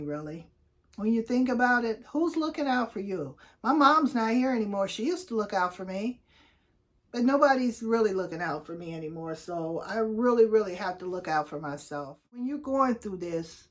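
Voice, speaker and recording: A woman in her sixties, a vlogger telling everyday stories in a chatty, upbeat way and acting out the voices of people she quotes. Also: medium pitch. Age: 60s. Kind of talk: casual storytelling vlog.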